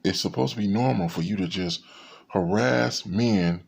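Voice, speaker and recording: A man's voice: fairly low pitch, normal speed, vocal fry, breathy edge. A man talking in a rambling, profane monologue, with many fillers and restarts. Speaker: commentator.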